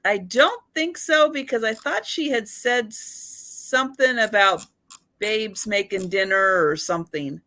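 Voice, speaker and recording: The host of an online photo sale chats live, giggling and laughing between remarks. She has a mid-range voice with a sharp tone and an unhurried delivery.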